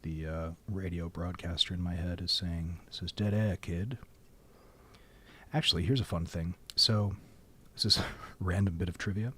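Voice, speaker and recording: A man's voice: sits low, steady tone, normal speed, few pauses, fairly bright tone, husky. A man streaming a game, rambling wryly to fill dead air into a studio microphone. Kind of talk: casual livestream chat. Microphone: studio mic.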